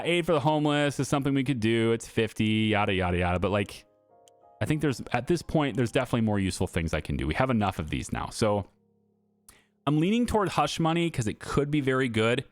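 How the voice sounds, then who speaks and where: Chatty gaming guy thinking aloud. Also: mid-range voice. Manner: chatty, thinking out loud with many fillers. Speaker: gameplay video host. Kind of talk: casual gameplay commentary.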